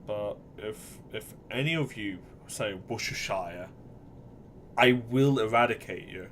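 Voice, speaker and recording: A young man from England chats through a gaming session in a slow, unhurried way. His voice sits a little low, and he jokes around with viewers. A faint background hum runs under the talk. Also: a bit bright. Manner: joking, swears freely, talks to viewers. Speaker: gameplay streamer. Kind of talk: casual gaming commentary.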